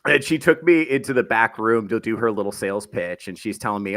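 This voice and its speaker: A man's voice: lowish voice, lively intonation, fairly quick, few pauses, fairly bright tone. A man, a comedian on a panel podcast, telling a crude story in a rambling, casual way and laughing as he goes.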